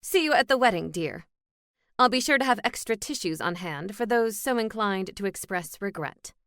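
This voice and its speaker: A woman's voice: mid-range voice, animated, normal speed, a bit bright, no echo, clean studio sound. A woman voicing a haughty fairy mayor. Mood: condescending. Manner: condescending, calls others dear.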